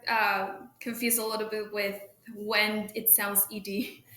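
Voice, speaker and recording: Bright-voiced woman slowly repeating words. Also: medium pitch, level tone, roomy sound, slight background noise, low-quality recording. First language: Spanish. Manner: careful, repeats each word after the teacher.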